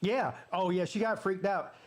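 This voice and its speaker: Swearing, animated male sports streamer. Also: sits high, normal speed. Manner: animated storyteller acting out quoted voices; swears freely. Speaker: host of a sports watch-party stream. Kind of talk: casual storytelling to live chat.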